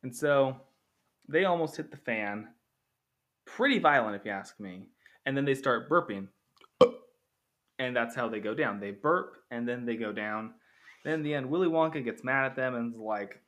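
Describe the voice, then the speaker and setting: A man's voice: mid-range voice, normal speed, fairly bright tone. A young man casually comparing two films, rambling, correcting himself and tossing in jokey asides. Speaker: film reviewer. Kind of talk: casual spoken commentary.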